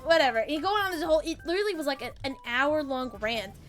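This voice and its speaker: A woman's voice: high voice, lively intonation, quick pace, a bit bright. A woman streamer casually telling a story to her chat, swearing freely, laughing often and breaking off to read out chat messages.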